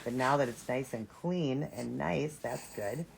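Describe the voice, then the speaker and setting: Woman, very low voice, chatty doll vlogger, gushing, noisy background. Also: a little slow, creaky. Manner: gushing, chatty, talks to viewers while working. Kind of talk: casual show-and-tell narration.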